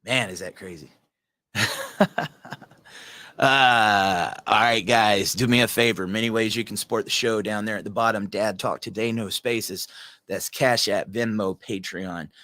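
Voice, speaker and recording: A man's voice: fairly low pitch, measured pace, bright, forceful tone, no echo. A man with a Southern American accent hosting his podcast, talking casually and earnestly, often repeating words. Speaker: podcast host. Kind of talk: casual solo talk.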